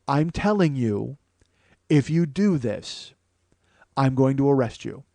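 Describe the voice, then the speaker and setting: Brief: comic's put-on flat, weary cop warning, near his own voice. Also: medium pitch, slow pace, gravelly, no room sound. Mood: stern.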